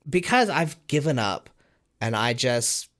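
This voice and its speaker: A man co-hosting a casual podcast, telling family stories in an animated, lively way. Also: mid-range voice, a little slow. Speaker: podcast co-host.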